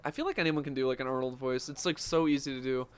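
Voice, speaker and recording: A man's voice: medium pitch, steady tone, fast, smooth. A man giving casual, jokey commentary while playing a fighting game, reacting aloud to each moment of the match. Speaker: gaming streamer.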